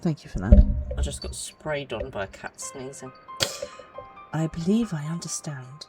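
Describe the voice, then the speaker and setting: Woman, casual game streamer, chatty, low voice, animated pitch, faint game music behind. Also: normal speed. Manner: chatty, reads game dialogue aloud, asides to pets. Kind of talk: casual let's-play commentary.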